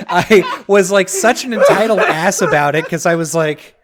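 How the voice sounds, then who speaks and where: A man's voice: high-pitched, measured pace, pauses often, very noisy. A young man co-hosting a podcast, telling stories in casual chat and working himself into mock-outraged rants. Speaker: podcast co-host.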